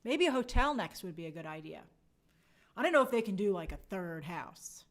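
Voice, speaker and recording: A woman's voice: mid-range voice, very animated, normal speed. A young adult woman hosting a casual review show, reading viewer comments aloud and acting out quotes in playful voices. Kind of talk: casual live chat review.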